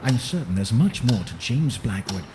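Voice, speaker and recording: An actor playing a stubborn young writer in a game, earnest and defiant on a phone call. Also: male voice, mid-range voice, very animated, moderate pace, lightly acted. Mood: determined. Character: stubborn young male writer investigating a murder. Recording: loud background hiss.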